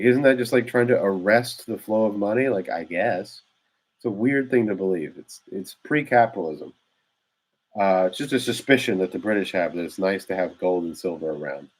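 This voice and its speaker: A man giving a rambling, casual history explainer, full of fillers and restarts, recorded indoors on a microphone. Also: on the low side. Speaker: history vlogger. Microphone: new desk microphone.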